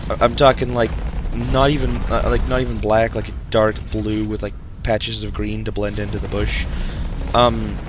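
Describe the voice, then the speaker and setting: A man's voice: fairly low pitch, background noise. Rambling young man telling a story. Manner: hesitant, full of fillers and self-corrections, self-mocking. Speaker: channel host telling a story.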